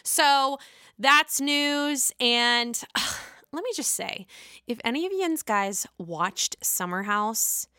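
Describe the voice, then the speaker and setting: Pittsburgh woman host, excitable gossip talker, higher pitch, crisp and dry. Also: takes it slowly, dry recording. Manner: excitable, profane and gushing. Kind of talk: casual reality-TV gossip commentary.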